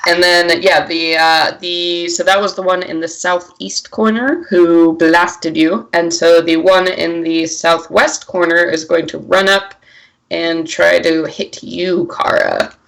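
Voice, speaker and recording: A woman narrating as game master of a tabletop game, playful and excitable, swearing casually. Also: lowish voice, slow pace, vocal fry, rough recording.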